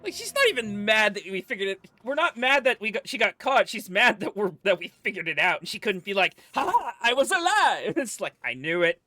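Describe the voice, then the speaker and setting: A man's voice: high voice, expressive, brisk, sharp tone, no room sound, soft background music. A man streaming a video game, chatting and laughing about the scenes as he plays. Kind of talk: casual gameplay commentary.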